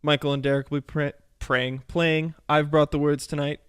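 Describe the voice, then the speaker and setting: A man's voice: on the high side, level tone, moderate pace, a bit bright, smooth, no echo, studio quality. A man hosting a casual podcast, talking in a loose, rambling way and laughing often. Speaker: podcast host.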